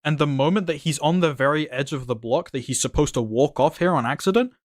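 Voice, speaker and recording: A man's voice: on the high side, quick pace, dry recording, studio quality. A young man narrating a gameplay review, wry and analytical, building a case step by step. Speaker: video essayist.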